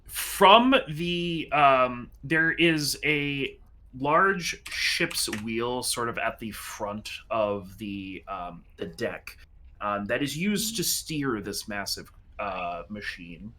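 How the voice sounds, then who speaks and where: A man narrating a tabletop game as game master, pausing often with ums. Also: mid-range voice, expressive, pushed and bright. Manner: halting, many ums.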